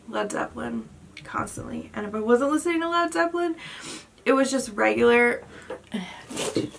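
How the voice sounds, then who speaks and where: A woman's voice: fairly high pitch, creaky, a bit bright. A young woman vlogger chatting casually at home, rambling and often unsure how to pronounce names. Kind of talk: casual chat. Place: indoors at home at night.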